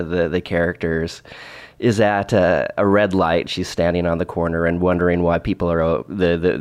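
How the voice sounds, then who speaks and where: A man's voice: low voice, a little mellow. A man telling a travel story in a casual vlog, rambling with restarts and dry asides. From Oregon, United States. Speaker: vlogger.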